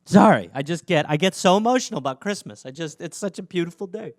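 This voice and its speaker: A man's voice: high voice, expressive, quick pace, no room sound. Comedian guy riffing solo, sarcastic, voice jumps all over, dry sound. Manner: rambling, sarcastic, mock-outraged. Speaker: comedy podcast host.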